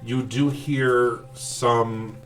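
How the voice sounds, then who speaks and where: A man running a tabletop game, describing a scene in a middle-pitched voice that keeps stopping for "um" and restarting. He sounds set back from the mic, with soft music playing underneath. Casual and unpolished. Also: steady tone, very slow, far from the mic. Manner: hesitant, lots of ums and restarts. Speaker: game master.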